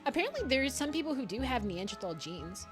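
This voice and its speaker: A woman's voice: sits high, big pitch swings, a little fast, over music. A woman in her twenties streaming a game, rambling and giggling through casual commentary with frequent swearing.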